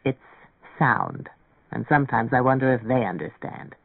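A man voicing a gentle, kindly older record-shop owner in an audiobook reading, speaking softly and patiently, with a dry, phone-like narrow sound. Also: medium pitch, moderate pace, gravelly, no room sound, voice pushed down. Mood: calm. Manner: soft, calm, patient.

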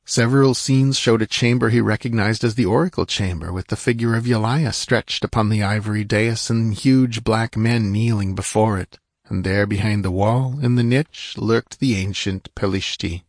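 Male audiobook narrator, low husky voice, dry close mic. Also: normal speed, dry recording. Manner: steady storytelling, raising pitch and volume for shouted dialogue. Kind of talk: scripted narration.

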